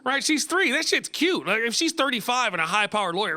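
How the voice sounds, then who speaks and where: A middle-aged American man doing a stand-up set in a small club, animated, often jumping into high voices. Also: fairly quick. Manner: animated, jumps into high squeaky voices for kids. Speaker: stand-up comedian. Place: small comedy club stage.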